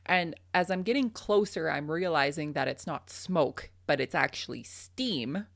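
A woman's voice: deep voice, lively intonation, a little slow, vocal fry, dry recording, clean studio sound. A young adult woman from Canada, a farmer and podcast host, telling a funny story in casual chat and laughing often.

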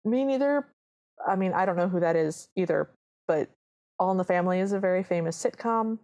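A woman on a podcast, talking casually while she walks through a film scene by scene. Her voice sits low and mellow, and she slips into the characters' lines as she goes. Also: a little fast. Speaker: podcast co-host.

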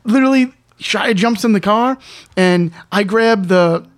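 A man telling a story in casual chat, animated, acting out the lines of the people he quotes. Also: high-pitched, unhurried. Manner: animated anecdote, acts out quotes. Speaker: guest storyteller.

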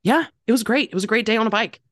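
A podcast guest from North Carolina tells stories in a casual chat, laughing and poking fun at herself. Her voice is a little high and a bit bright, and she talks at a racing clip. The recording is dry.

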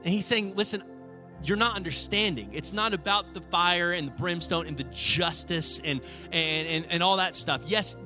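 A man preaching a sermon as pastor, conversational and animated, acting out the voices in his stories and often asking "right?". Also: high voice, normal speed, over music.

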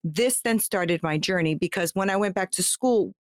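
A woman's voice: medium pitch, normal speed, no echo, studio quality. A woman, a guest from the United States, telling her life story in a heartfelt, talkative way with many fillers and restarts. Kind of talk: candid personal storytelling.

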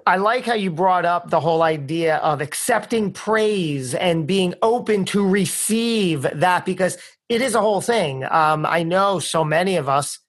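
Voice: medium pitch, animated, a little slow, dry recording. A podcast host who reflects on their own experience and then asks the guest thoughtful questions. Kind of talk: conversational interview.

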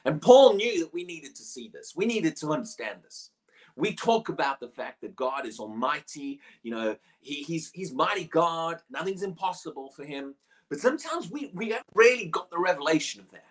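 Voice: mid-range voice, very animated, moderate pace. A preacher delivering a sermon in an emphatic way, often repeating and restarting words while building each point.

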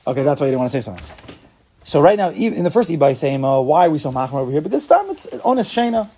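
A man's voice: fairly high pitch, very animated, rapid-fire, mellow. A man teaching an informal Talmud class, explaining step by step and asking and answering his own questions.

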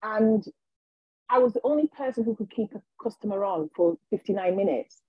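A woman, a guest on a podcast, telling her personal story in an animated way and acting out what people said to her. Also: mid-range voice, fairly quick, husky, no room sound, muffled recording. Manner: animated, acts out quoted dialogue. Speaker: guest, healer and intuitive.

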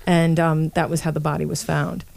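Chatty woman host with a low voice. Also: flat delivery, normal speed, gravelly, a little mellow. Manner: chatty, laughs often, acts out quotes. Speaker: podcast host and psychic. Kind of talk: casual conversational interview.

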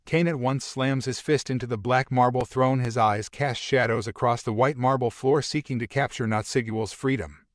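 Man reading a fantasy story, halting. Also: medium pitch, steady tone, no room sound, clean studio sound. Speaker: narrator.

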